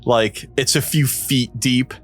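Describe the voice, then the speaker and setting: A game master narrating a tabletop game scene, describing it in a relaxed way and laughing easily. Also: mid-range voice, slow pace, faint music behind.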